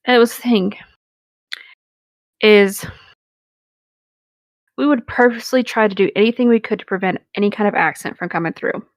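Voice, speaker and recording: A woman's voice: mid-range voice, normal speed, long pauses, dry recording. A woman hosting a casual podcast chat, blunt and swearing freely. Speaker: creepypasta reader and podcast host.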